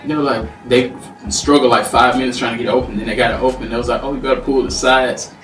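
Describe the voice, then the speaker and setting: A man's voice: mid-range voice, level tone, fast, fairly bright tone. Storytelling man in a roomy space. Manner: storytelling, acts out quoted voices. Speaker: podcast co-host. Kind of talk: casual chat. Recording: roomy, distant mic, faint music.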